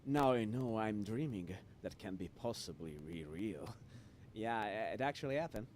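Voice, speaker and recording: A man streaming a video game, reacting excitably to it with frequent laughter and shouted exclamations. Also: on the low side, moderate pace, a little hiss or hum. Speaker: VTuber streamer. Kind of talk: live gameplay commentary. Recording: game music behind the voice.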